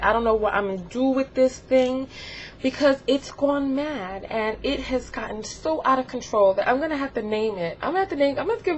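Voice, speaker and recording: A woman vlogger rambling and giggling through a comedic confession, animated and chatty. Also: high voice. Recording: slightly dull home video, faint hiss.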